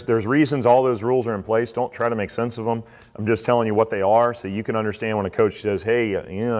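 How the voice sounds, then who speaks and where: A man, a swim coach, giving a relaxed, conversational talk to athletes and parents, with many fillers. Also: medium pitch. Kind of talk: informal presentation. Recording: reverberant hall.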